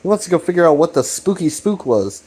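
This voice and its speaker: A man's voice: on the high side, sing-song, quick pace, a little mellow, slightly rough. A young man giving a casual, rambling recap commentary, loose and profane, full of fillers. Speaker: video commentator.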